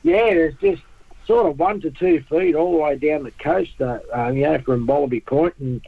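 A man's voice: fairly high pitch, moderate pace, vocal fry, phone-quality sound. A man with an Australian accent, chatting casually on radio about travel and surf, laughing often. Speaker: radio surf report regular.

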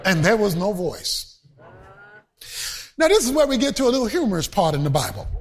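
A man preaching a sermon, emphatic and often shouting, rising into a sing-song chant, with colloquial joking asides to the congregation. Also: high-pitched, big pitch swings, a little fast.

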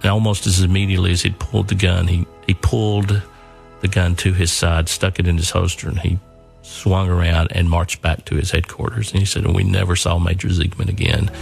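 A man's voice: low voice, little pitch movement, fairly quick, creaky, faint music behind. An older man earnestly telling a personal story, often repeating and restarting his words.

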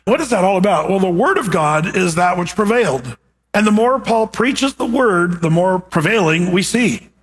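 A man's voice: high voice, expressive, moderate pace, husky. A man preaching a sermon as a pastor, teaching in a conversational way with rhetorical questions.

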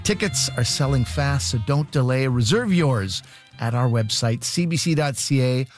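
A man hosting a radio comedy show, reading smooth, upbeat announcements. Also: medium pitch, lively intonation, moderate pace, soft background music. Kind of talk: scripted radio presenting.

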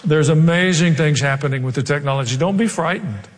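A man's voice: a little high, a little fast, big-room sound, background noise. A man with a Southern US accent, preaching a sermon as a pastor in an earnest, emphatic manner.

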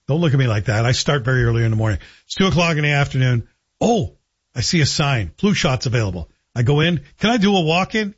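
A man's voice: fairly high pitch, breathy edge. Wry, chatty male radio host. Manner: chatty, wry, self-deprecating asides. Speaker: radio talk show host. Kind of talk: casual radio monologue. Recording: dull lo-fi radio broadcast.

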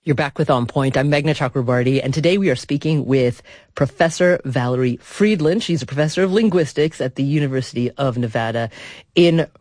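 A woman radio host speaking into a dry, close studio mic. She puts her questions in a measured, thoughtful way and pauses now and then to find the right words. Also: a bass voice, a little mellow, no echo. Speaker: radio talk show host. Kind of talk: hosting an interview on public radio.

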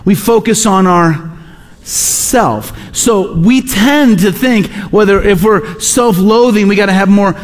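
A man's voice: high voice, slow, long reverb tail. A man preaching a sermon as pastor, talking conversationally with rhetorical questions and repeated phrases. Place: church sanctuary.

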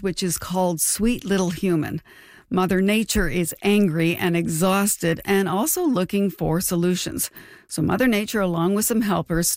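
A woman's voice: on the low side, no room sound. Woman hosting an interview, dry close sound. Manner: crisp, scripted-sounding introductions. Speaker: podcast host.

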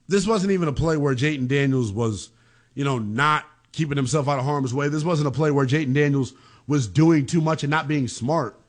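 A man's voice: on the high side, fairly bright tone. A man hosting a sports talk show, giving heated, emphatic commentary with casual slang. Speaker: sports radio host.

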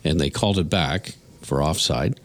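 A man's voice: rumbling low, moderate pace, fairly bright tone. A man hosting a morning radio show, chatting casually and upbeat.

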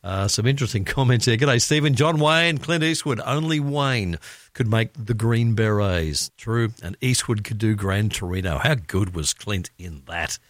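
A man's voice: fairly low pitch, moderate pace, dry recording, studio quality. An Australian man hosting afternoon radio, chatting and laughing as he reads out listener comments. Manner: chatty, laughs often, lively delivery. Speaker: radio presenter. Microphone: studio microphone.

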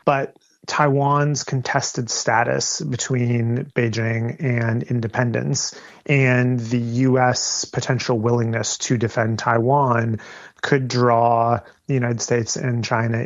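A man answering radio interview questions as an analyst, measured and often repeating words as he thinks. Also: mid-range voice, level tone, vocal fry, no echo, highs cut off. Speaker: guest analyst.

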